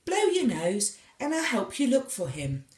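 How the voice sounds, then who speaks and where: A brave little boy , put on by a woman reading a storybook, raised above her usual voice and lively. He talks firmly, comforting one moment and bossy the next. There is a roomy echo around him. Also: fairly high pitch, unhurried, voice pushed up. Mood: firm, kind. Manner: firm and comforting.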